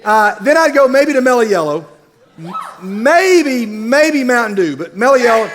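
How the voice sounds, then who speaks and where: A man from Middle Tennessee tells a funny story from the stage, voicing each person he meets along the way. His voice sits high for a man, and his delivery is lively and comic. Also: normal speed, slight background noise. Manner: animated, comic storyteller who acts out characters. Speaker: speaker at a university gathering. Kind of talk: storytelling sermon.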